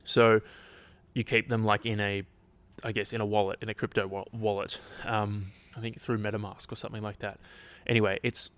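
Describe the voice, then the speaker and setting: A man's voice: lowish voice, little pitch movement, fairly quick, fairly bright tone. A man hosting a casual solo podcast, rambling, restarting sentences and swearing offhandedly, his throat a little dry. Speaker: podcast host.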